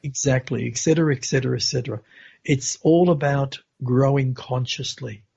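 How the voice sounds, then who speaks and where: Guy with a really raspy gravelly voice telling his spiritual story slow and earnest, muffled lo-fi audio. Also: mid-range voice, a little mellow. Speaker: podcast guest. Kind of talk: recounting a personal spiritual experience.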